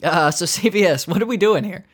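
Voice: medium pitch, brisk. A comedian delivering an exasperated, profane comedic rant, talking casually and sarcastically to listeners.

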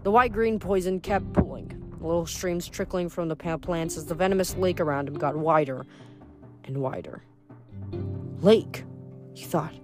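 A woman reading chapters of a novel aloud in an animated, expressive way. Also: lowish voice, moderate pace, music in the background. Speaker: audiobook reader.

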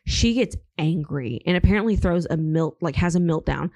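A woman's voice: lowish voice, lively intonation, normal speed, darkish tone, dry recording. A young woman co-hosting a podcast, chatting casually and filling her talk with "like" and restarts. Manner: chatty, filler-heavy, restarts sentences. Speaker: podcast co-host. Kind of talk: casual chat.

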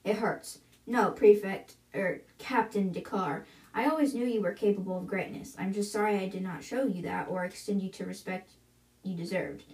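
A woman reading out the lines of a weary, formal older headmaster, measured and apologetic. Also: mid-range voice, a little mellow, lightly acted. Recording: roomy, distant from mic.

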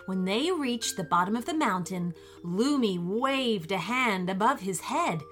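A woman narrating a children's bedtime story in a soothing, expressive way. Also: medium pitch, a little slow, faint music behind.

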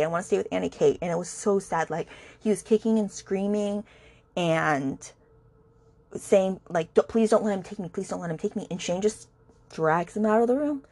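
A woman hosting a book podcast, retelling a romance novel's plot in a chatty, animated way with lots of fillers. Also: lowish voice. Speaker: book review podcast host. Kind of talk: casual book recap.

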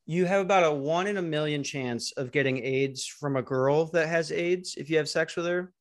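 A man hosting a podcast, doing a deadpan mock news anchor routine in casual banter. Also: a little high, normal speed, no echo, clean studio sound. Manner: deadpan fake-newscaster delivery. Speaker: podcast host.

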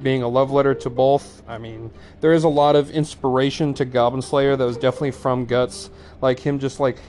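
A man's voice: medium pitch, darkish tone. A man hosting his own review vlog, talking casually in a rambling way, swearing freely and filling his talk with "like" and restarts. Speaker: anime reviewer, channel host.

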